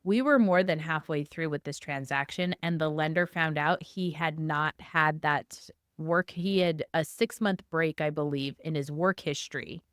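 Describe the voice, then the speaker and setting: A woman realtor chatting in a relaxed, matter-of-fact way. Her voice is smooth and a little low, and it sounds dry and close. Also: unhurried, hardly any pauses, no room sound. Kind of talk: casual conversation.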